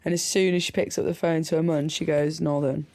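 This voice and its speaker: A young adult co-host on a relaxed podcast, mostly giving short agreeing replies and laughing often. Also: medium pitch, fairly quick, no echo. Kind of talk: relaxed casual chat.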